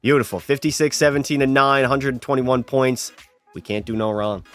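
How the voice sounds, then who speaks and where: A man's voice: mid-range voice, fairly even intonation, normal speed, fairly bright tone, soft background music. A young man live-streaming a hockey video game, chatting and teasing his viewers as he plays. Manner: chatty, teasing, banters with chat.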